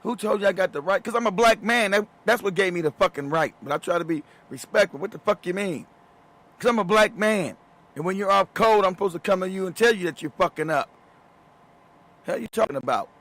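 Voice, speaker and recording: Emphatic, profane man, higher voice. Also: fairly quick, a bit bright. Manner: emphatic and profane, laughs often mid-sentence. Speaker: show host. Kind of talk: casual commentary monologue.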